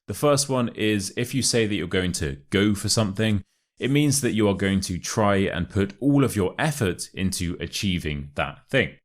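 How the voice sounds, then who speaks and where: A young man with a modern RP British accent teaching English expressions, speaking clearly and slowing down for example phrases. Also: lowish voice, lively intonation. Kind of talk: online English lesson.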